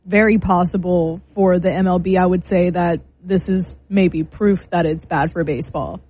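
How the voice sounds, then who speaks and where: A woman's voice: on the low side, fairly even intonation, normal speed, darkish tone, slightly rough. A woman co-hosting a casual sports chat, laying out her reasoning step by step with light laughs. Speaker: sports podcast co-host.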